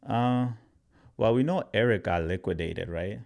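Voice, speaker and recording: With a lowish, somewhat mellow voice touched by vocal fry, a man speaks unhurriedly while hosting a laid-back crypto livestream. He talks loosely to viewers, reads out comments, and keeps saying "like" and "right?".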